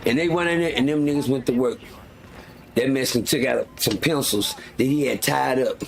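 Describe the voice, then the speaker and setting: A middle-aged man from West Texas, telling stories in an animated way on a livestream and acting out the people he quotes. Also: brisk, vocal fry. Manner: animated storyteller, acts out quoted people in a loud high voice. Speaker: livestream host. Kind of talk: casual storytelling. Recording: noisy livestream audio.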